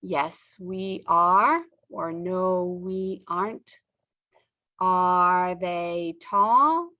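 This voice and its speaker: A middle-aged woman teaching a beginner English lesson, saying example sentences slowly with frequent pauses. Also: on the low side, bright, forceful tone, dull audio. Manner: stretches out example sentences, pausing often. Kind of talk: slow, deliberate ESL lesson.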